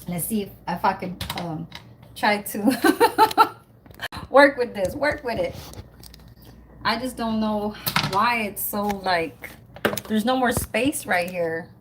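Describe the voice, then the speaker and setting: A woman's voice: medium pitch, takes it slowly. Chatty woman hosting a noisy cooking livestream. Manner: chatty, talks to viewers as "y'all", swears casually. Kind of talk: casual livestream chat. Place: home kitchen, then outdoors.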